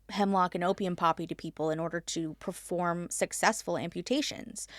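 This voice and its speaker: A woman co-hosting a casual history podcast, chatty and quick to laugh. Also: on the low side, dry recording, studio quality. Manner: giggly, chatty, laughs often. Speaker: podcast co-host.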